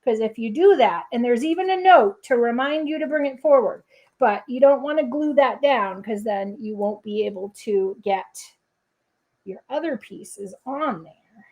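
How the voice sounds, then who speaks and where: A woman's voice: on the high side, lively intonation, unhurried, darkish tone. A woman hosting a casual crafting livestream, chatting to viewers with playful asides and humming little scat tunes while she works. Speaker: papercrafting livestream host.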